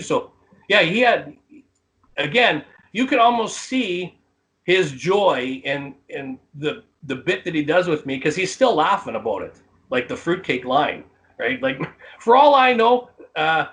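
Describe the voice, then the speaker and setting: High-voiced animated male storyteller. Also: normal speed. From Canada. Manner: animated, laughs often, lots of fillers. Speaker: comedian guest. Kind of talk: storytelling in an interview.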